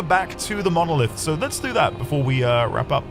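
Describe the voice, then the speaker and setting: Over game music, a man streams his play with loose, rambling commentary and a light swear here and there. His fairly high voice moves briskly, with big swings in pitch.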